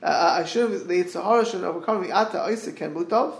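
A man giving a Torah class over a group call, earnest and halting, quoting Hebrew verses and translating them. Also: high-pitched, creaky, echoey room. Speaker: Torah teacher. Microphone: group call line.

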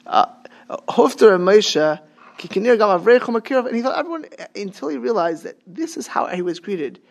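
A man's voice: high-pitched, expressive, fairly quick, gravelly. A man giving an informal Torah class, chatty and repetitive, dropping in Hebrew and Yiddish terms.

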